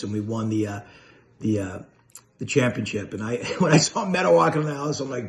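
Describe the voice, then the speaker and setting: A man's voice: mid-range voice, fairly quick, vocal fry. A man hosting a casual chat video, laid-back and enthusiastic, full of slang.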